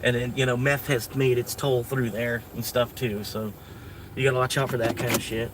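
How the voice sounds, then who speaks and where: A man's voice: mid-range voice, flat delivery, normal speed. Man, casual rambling streamer talking from a vehicle; distant phone mic, heavy road noise behind. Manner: rambling, loose, full of "like" and "you know what I mean". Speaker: livestreaming rideshare driver. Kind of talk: casual rambling livestream talk. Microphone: phone camera.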